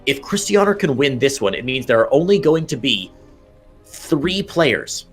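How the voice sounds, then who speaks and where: A man's voice: medium pitch, sing-song, normal speed, husky, faint music behind. A man giving chatty, playful play-by-play commentary on a strategy game match, with frequent restarts. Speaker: esports caster.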